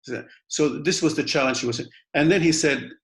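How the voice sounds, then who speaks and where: Animated man giving a halting conference talk. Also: fairly high pitch, creaky. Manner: animated, halting with many fillers. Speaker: conference panelist.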